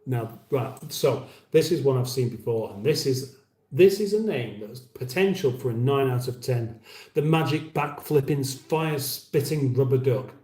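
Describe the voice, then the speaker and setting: A man's voice: medium pitch, animated, moderate pace, darkish tone, roomy sound. A British man in his fifties hosting a casual livestream from his kitchen, reading out viewer comments with rambling, wry banter and frequent restarts. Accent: British English. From England. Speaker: livestream host. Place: home kitchen.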